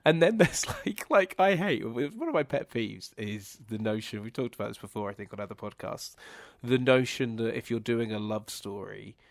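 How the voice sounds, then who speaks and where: A man co-hosting a film review podcast, his mid-pitched voice recorded dry and close with no room sound. He stumbles and restarts his sentences, then presses his point with growing exasperation. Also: lively intonation, moderate pace, creaky, few pauses, no echo. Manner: hesitant, restarts, builds to exasperation. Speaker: podcast co-host. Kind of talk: casual film review chat.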